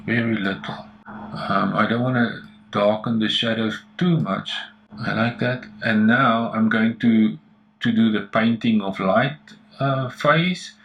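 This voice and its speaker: A man's voice: mid-range voice, a bit bright, rough recording. Eager man talking through photo edits. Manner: enthusiastic, thinks aloud while editing. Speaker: photography tutor. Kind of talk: screen-recorded editing tutorial.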